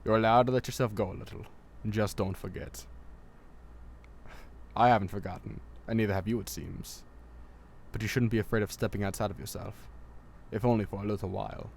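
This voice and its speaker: A man reading a composed, stern mentor who gives orders calmly, his voice low and unhurried. He is a visual novel character, voiced in an amateur let's-play. Every word sounds measured and firm. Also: vocal fry, a little hiss or hum. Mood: persuading. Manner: calm, measured, commanding.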